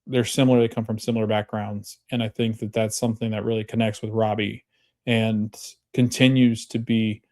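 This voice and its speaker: A man hosting a podcast, casually recapping a TV episode with many fillers, pauses and self-corrections. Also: lowish voice, level tone, darkish tone. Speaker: podcast host.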